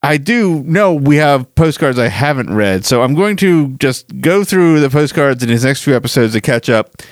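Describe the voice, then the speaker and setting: A man's voice: medium pitch, lively intonation, moderate pace, no room sound, clean studio sound. A man hosting a podcast in casual chat, rambling and self-deprecating as he goes through listener mail. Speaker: podcast host.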